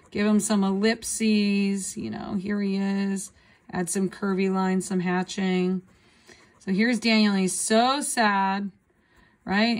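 A woman art teacher talking casually through a drawing demonstration, often checking in with "right?". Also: medium pitch. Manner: casual, tags sentences with "right?".

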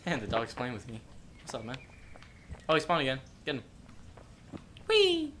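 A man playing an online game, excitable and mocking, laughing often in casual chat. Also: medium pitch, a little fast. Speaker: game player.

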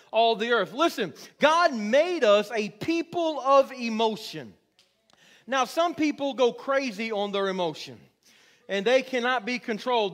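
A middle-aged male pastor preaching a sermon in church, repeating his words and building to shouts. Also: very high voice. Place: church sanctuary.

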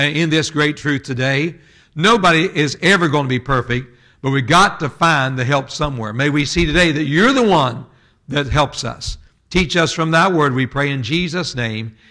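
Forceful preacher man. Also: a little high. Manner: folksy, conversational preaching with asides to the congregation. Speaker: pastor. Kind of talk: sermon.

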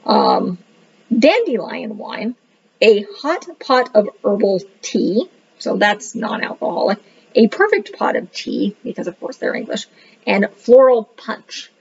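A woman's voice: mid-range voice, sing-song, measured pace, gravelly, darkish tone, slightly rough. A woman casually reviewing a book, rambling with many fillers and joking that she cannot pronounce the words. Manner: self-deprecating about pronunciation. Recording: dull lo-fi recording.

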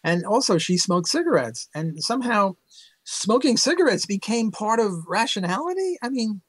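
A man's voice: high-pitched, big pitch swings, moderate pace, breathy edge. An older man, an economics professor, telling stories as an interview guest, rambling with many fillers and laughs. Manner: rambling, self-correcting, frequent "uh" fillers, bursts of laughter. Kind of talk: casual storytelling interview.

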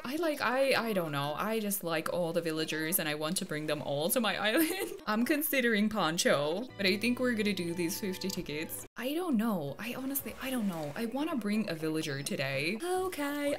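A woman giving casual, excitable gameplay commentary, chatting to her viewers and to herself. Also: fairly high pitch. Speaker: gaming YouTuber.

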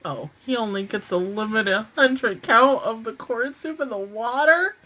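A woman hosting an anime reaction video, talking casually with lively swearing and frequent laughs. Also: on the high side, measured pace.

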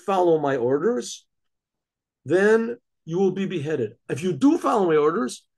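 A man voicing a stern, commanding king in a told story, gravelly and husky, dropping low and then booming out orders. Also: full character voice. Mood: threatening. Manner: dramatic, swells from low menace to loud orders.

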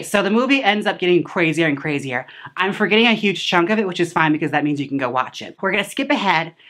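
Chatty low-voiced woman recapping a movie. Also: a bit bright. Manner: chatty and sassy, full of "like" and asides. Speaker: host reviewing a film.

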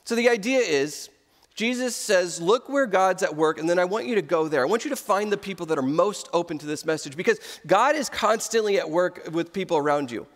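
A man's voice: high-pitched, a little fast, big-room sound. A man in his thirties preaching a sermon as pastor of a church, telling stories and acting out the voices in them. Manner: animated storytelling, acts out quoted voices. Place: church auditorium.

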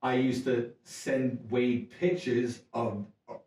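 A man hosting a podcast, telling lively, jokey anecdotes in a casual chat. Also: mid-range voice, takes it slowly. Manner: animated, jokey anecdote teller. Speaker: podcast host. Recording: echoey room, mic far off.

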